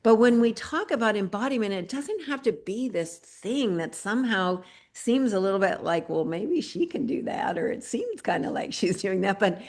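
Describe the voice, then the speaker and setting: A woman's voice: medium pitch, animated, moderate pace, few pauses. A woman hosting an online community gathering, talking earnestly and rambling with many fillers over a video call. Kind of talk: warm spoken tribute on a group video call.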